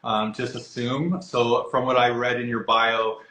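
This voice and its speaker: A man's voice: medium pitch, level tone, measured pace, sharp tone. A man hosting a casual video-call interview. He rambles through his questions with fillers and self-deprecating asides. His voice comes through an echoey room, with a faint hiss behind it. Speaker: interviewer for an epilepsy alliance.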